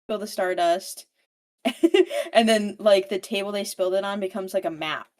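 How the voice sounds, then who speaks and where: A woman's voice: mid-range voice, steady tone, a little fast. A woman podcast co-host recapping a book in casual chat, rambling and full of filler "like"s. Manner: rambling, filler-heavy with frequent "like".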